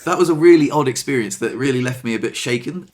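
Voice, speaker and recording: Expressive man telling a story. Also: mid-range voice, fast. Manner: expressive, swears freely, acts out quotes. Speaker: vlogger. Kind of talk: casual storytelling to camera.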